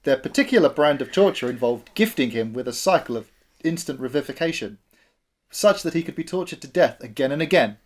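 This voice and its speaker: A man's voice: on the high side, animated, a little fast. A man playing a board game with friends, joking and reading out his character card. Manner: joking, playful banter. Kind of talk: casual chat and reading card text.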